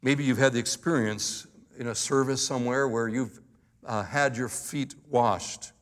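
Earnest man preaching a sermon. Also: medium pitch. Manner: earnest and emphatic, slowing down to stress key words. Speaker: pastor.

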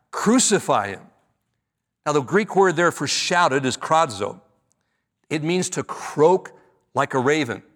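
A man's voice: a little high, fairly bright tone. A man preaching an earnest expository sermon, stretching key words for emphasis. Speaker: pastor.

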